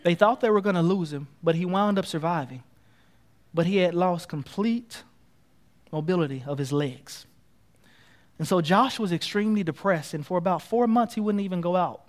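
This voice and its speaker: A man preaching a sermon, telling a story dramatically and swinging from hushed to loud. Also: high voice, normal speed.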